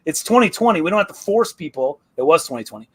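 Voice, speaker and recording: A man's voice: a little high, sing-song, fast, fairly bright tone, slightly rough. A man on a casual live panel talk who argues emphatically and drives his points home by repeating them. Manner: emphatic, hammering repetition.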